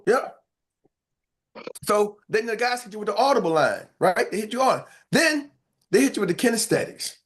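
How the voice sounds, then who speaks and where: Brief: American male sales coach, fairly high voice, playful, acts out examples. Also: normal speed. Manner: animated, playful, acts out lines and sound effects. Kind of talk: live sales training on a video call.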